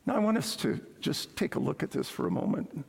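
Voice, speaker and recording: A man's voice: on the high side, animated, fast, vocal fry, slightly rough. A man preaching a sermon as pastor, telling stories and repeating his key points. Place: church sanctuary. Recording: echoey hall with long reverb.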